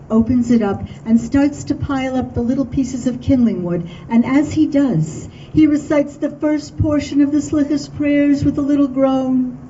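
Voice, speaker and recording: A woman storyteller telling a folk tale to an audience at a dinner event, in a lively, expressive way. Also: high-pitched, a little hiss or hum. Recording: dull distant room recording with faint ambience.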